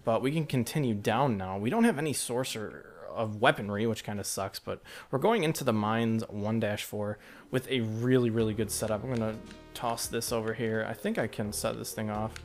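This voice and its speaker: A man giving casual let's play commentary, thinking aloud and getting excited at close calls. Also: lowish voice, normal speed, soft background music. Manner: chatty, excitable, thinks aloud about each move. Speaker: gameplay commentator.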